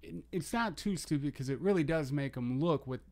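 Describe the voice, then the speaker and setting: A man's voice: on the high side, lively intonation, brisk, a little mellow. Young male co-host, easygoing and crude, chatty storyteller. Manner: profane, laid-back storyteller. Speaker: podcast co-host. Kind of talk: casual crude chat.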